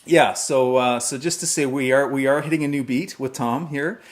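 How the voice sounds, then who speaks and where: A man's voice: mid-range voice, normal speed. Hesitant male host on a video call. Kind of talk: casual talk on a video call.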